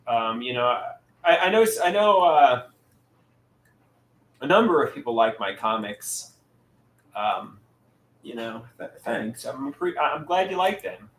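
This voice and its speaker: Halting man on a livestream, roomy echo. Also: mid-range voice, animated, fairly bright tone. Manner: halting, repeats words and restarts often. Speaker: livestream host reading chat. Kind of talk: casual live chat with viewers. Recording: roomy echo, faint background noise.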